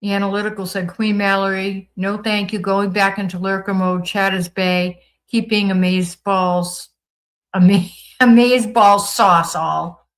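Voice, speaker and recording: In a rough recording, a woman with a Boston accent hosts a casual livestream chat. Her medium-pitched voice has a steady tone and a measured pace as she reads viewers' comments aloud and responds with upbeat, gushing chatter.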